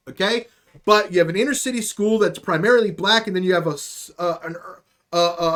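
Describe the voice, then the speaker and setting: A man's voice: high-pitched, a bit bright. A man hosting a livestreamed talk show, telling a rambling, profane story in a casual way. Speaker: podcast host.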